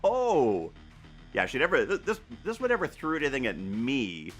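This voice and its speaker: A man's voice: mid-range voice, wildly swooping pitch, normal speed, faint music behind. A man chatting casually with viewers while he paints live, rambling and self-deprecating, with many restarts and laughs. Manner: talks to viewers as he works. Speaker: artist streaming a live painting session.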